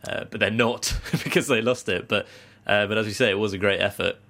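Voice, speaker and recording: A man's voice: on the low side, fairly even intonation, brisk, vocal fry, pushed and bright. A man co-hosting a podcast in casual chat, jokey and laughing often. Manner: jokey, laughs often, does silly voices. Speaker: podcast co-host.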